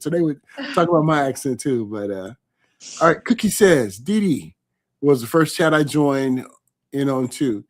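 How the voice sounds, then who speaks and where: A man hosts a live online interview in an easy, chatty manner. His voice sits at an ordinary middle pitch, and he keeps breaking off to read comments from viewers aloud. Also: animated, moderate pace. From California. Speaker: host.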